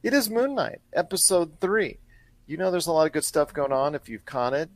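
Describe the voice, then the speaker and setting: A man hosting a pop culture radio show and podcast, with an energetic, promo-style delivery. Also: on the high side, moderate pace, no room sound. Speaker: podcast host.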